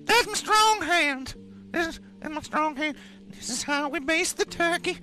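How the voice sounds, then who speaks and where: Man doing a squeaky goofy young guy. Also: lively intonation, measured pace, bright, forceful tone, faint music behind, heavily acted. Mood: silly. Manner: high squeaky and silly.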